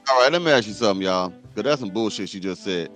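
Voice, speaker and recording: A man's voice: fairly low pitch, expressive, fast talker, a bit bright, faint music behind. A man hosting a reaction show, ranting bluntly and heatedly at a clip he is playing. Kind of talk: commentary rant.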